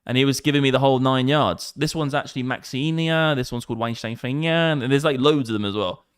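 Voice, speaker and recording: A man in his thirties with an English accent, rambling excitedly and swearing often on a casual livestream. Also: mid-range voice, fast talker, clear, resonant tone, no echo, clean studio sound. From England. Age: 30s. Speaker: crypto streamer.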